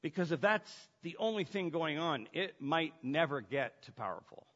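A man preaching a sermon, shifting between hushed, intimate lines and loud, emphatic ones. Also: fairly high pitch, animated, moderate pace. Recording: dull sound with long hall reverb.

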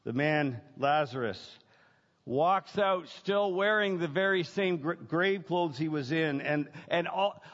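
A man preaching a sermon as pastor, emphatic, building points through repetition and dramatic pauses. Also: high-pitched, fairly bright tone. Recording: dull lo-fi sound with long hall reverb.

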